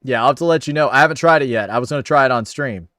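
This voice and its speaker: A man's voice: medium pitch, very fast, fairly bright tone, no echo, clean studio sound. Upbeat man hosting a livestream. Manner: upbeat, friendly, thanks viewers by name. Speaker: livestream host. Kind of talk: casual chat reading viewer comments.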